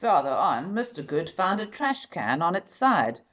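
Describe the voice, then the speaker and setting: A woman reading a children's picture book aloud, expressive and speaking directly to the listener. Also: lowish voice, a little slow, lo-fi sound. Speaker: storyteller.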